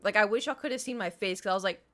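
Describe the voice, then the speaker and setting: A woman's voice: mid-range voice, racing, sharp tone. A woman streamer tells rambling stories to her viewers. She acts out noises and drops into whispers for emphasis, and her voice sounds a little worn. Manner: chatty storytelling with sound effects and whispered swearing. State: voice slightly strained. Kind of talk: casual chat to a live stream audience.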